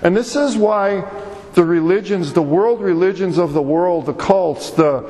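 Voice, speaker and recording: A man's voice: high voice, unhurried, dark tone. A man preaching a sermon as pastor, with an emphatic, repetitive cadence. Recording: long hall reverb.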